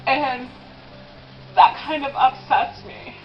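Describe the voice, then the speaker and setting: A young woman in her twenties rambles through a confessional vlog while eating, leaning on "um" and "like" and close to tears at times. Her voice sits a little high. The home video sound is a bit muffled, with faint music underneath. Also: fairly even intonation, takes it slowly. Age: 20s. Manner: rambling, with many "um" and "like" fillers. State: tearful at times. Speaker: vlogger.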